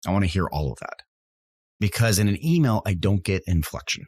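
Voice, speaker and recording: Fast-talking deep-voiced man, animated. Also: breathy edge, no echo. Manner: animated storyteller acting out customer calls. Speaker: sign company salesman, co-host. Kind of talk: casual business podcast chat.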